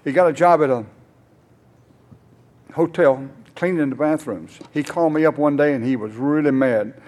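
An older man with a fairly high, slightly mellow voice speaks at normal speed to a conference hall audience. His personal testimony rambles folksily, full of "uh"s, as he acts out both sides of conversations.

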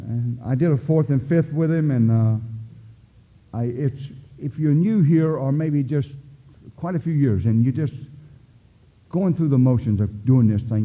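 An older man speaking at a recovery meeting, telling his story in a folksy, plain-spoken way. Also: medium pitch. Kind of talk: personal testimony talk. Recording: tinny phone-like sound in an echoey hall.

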